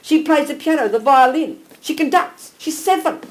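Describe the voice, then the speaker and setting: Give me a direct, affectionate woman with a high voice teaching a live group. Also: normal speed, low-quality recording. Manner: animated, direct, checks on listeners by name, calls them darling. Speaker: Buddhist teacher. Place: teaching room with a small live audience.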